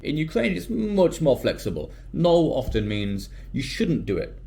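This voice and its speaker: A British man, an English teacher, talking casually to camera in an animated way and slipping into quoted voices. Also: on the high side, unhurried, vocal fry. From United Kingdom.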